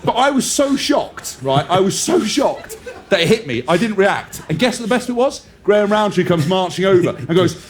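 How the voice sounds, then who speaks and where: A man's voice: sits high, sing-song, moderate pace, a little hiss or hum. A man co-hosting a podcast live, telling a story animatedly, laughing and acting out quotes. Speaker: podcast co-host. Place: live venue before an audience. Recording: live show with loud audience.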